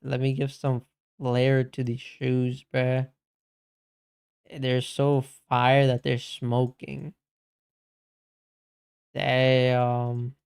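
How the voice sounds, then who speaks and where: Male streamer, laid-back slangy chat, clear voice, slow delivery. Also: medium pitch, completely flat delivery, darkish tone. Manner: slangy, calls everyone bro; reads and answers chat. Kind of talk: casual livestream chat.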